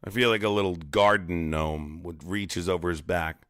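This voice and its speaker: A man's voice: deep voice, fairly even intonation, normal speed, fairly bright tone, dry recording, clean studio sound. A man hosting a livestream, ranting in a profane, mocking, rambling way. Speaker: live streamer host. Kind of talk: casual ranting livestream commentary.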